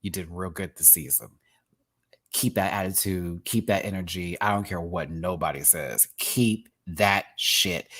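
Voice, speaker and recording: A man from Texas giving a sassy, casual commentary on a drag competition, full of drag slang. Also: low-pitched. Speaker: drag show reviewer.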